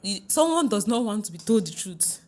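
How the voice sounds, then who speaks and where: A middle-aged Nigerian woman, a relationship coach being interviewed on a podcast, talking in a lively way, often laughing and asking whether the listener understands. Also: medium pitch, brisk.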